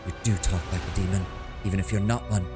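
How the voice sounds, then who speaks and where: A man's voice: low voice, steady tone, fast, over music, lightly acted. A man voicing an angry, grieving male crusader, reading game lines in a bitter, accusing way.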